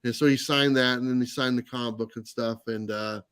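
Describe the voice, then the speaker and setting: A man's voice: medium pitch, steady tone, a little fast, fairly bright tone, smooth, no echo. A man telling a long anecdote in a casual livestream chat, full of fillers and restarts. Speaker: comics channel host. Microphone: live stream mic.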